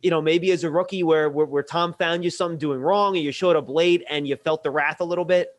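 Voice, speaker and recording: Man, interview host, fairly high voice, chatty, long questions. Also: fairly even intonation, fast talker. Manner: conversational, asks long rambling questions. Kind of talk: casual interview.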